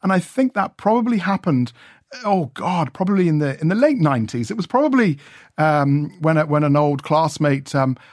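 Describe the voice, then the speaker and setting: A man's voice: a little high, big pitch swings, moderate pace, a little mellow, no room sound. A man being interviewed in a radio studio, chatting in a rambling way with many restarts. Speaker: radio reporter.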